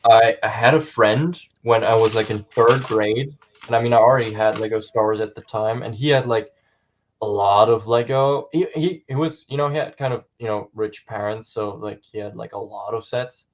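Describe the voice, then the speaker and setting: A man hosting a casual chat while building toy bricks, talking in quick, restarting sentences and laughing often. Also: on the low side. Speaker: podcast host.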